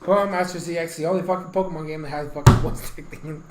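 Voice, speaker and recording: High-voiced man ranting with heavy profanity. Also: fairly even intonation, fast, echoey room, heavy background noise. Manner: profane, heated, rambling, with laughs. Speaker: game reviewer. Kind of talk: casual ranting review.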